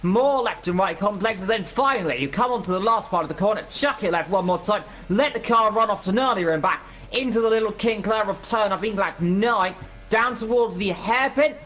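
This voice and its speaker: A man's voice: high voice, moderate pace, a bit bright. A man giving live commentary on an esports racing event, walking through the track with playful energy.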